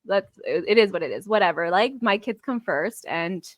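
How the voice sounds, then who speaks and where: A woman co-hosts a podcast in a mid-range, animated voice at a moderate pace, recorded dry with clean studio sound. Chatting casually, she speaks frankly, swears, and acts out what other people said in reenacted lines.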